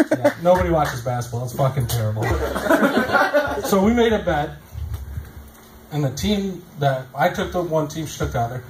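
A man performing a stand-up comedy set in a small club, telling crude, profane stories and acting out quotes. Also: fairly high pitch. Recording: echoey club with audience noise.

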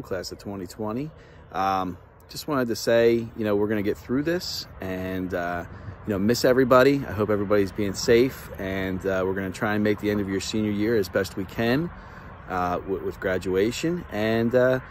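A man from the school staff giving a casual, halting video message outdoors. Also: on the low side, a little hiss or hum. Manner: halting, with fillers.

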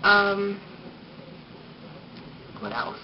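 A woman's voice: medium pitch, very animated, extremely slow. A young woman giving a casual pregnancy update vlog, shy and rambling with lots of ums, getting over a cold. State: recovering from a cold. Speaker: vlogger. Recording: dull lo-fi home video with noise.

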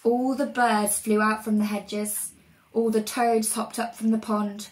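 Woman doing storytime for kids, fairly high voice, lively and expressive. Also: a little slow, poor audio. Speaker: reader. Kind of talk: storybook reading for children.

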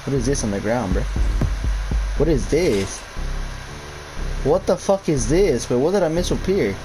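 Over music and with poor audio, a young man with a medium-pitched, expressive voice talks a bit slowly while playing a horror game for his channel. He uses casual slang, addresses viewers as bro and guys, swears nonstop, and shrieks at frights.

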